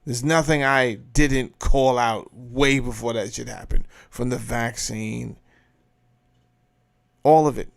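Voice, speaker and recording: A man's voice: mid-range voice, steady tone, takes it slowly, gravelly. A man hosting his own show, giving blunt, profane, emphatic commentary in a casual rant. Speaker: show host commenting on a clip.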